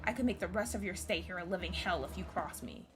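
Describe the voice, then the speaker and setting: A woman's voice: lowish voice, expressive, quick pace, music in the background, lightly acted. A woman reading as a hissing, threatening office boss. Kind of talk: reading game dialogue aloud.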